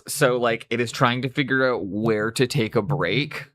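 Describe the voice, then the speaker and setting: A man's voice: medium pitch, unhurried, a bit bright, dry recording, clean studio sound. A Canadian man chatting casually on a live stream while painting, rambling and correcting himself as he goes. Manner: rambling, self-correcting, easygoing.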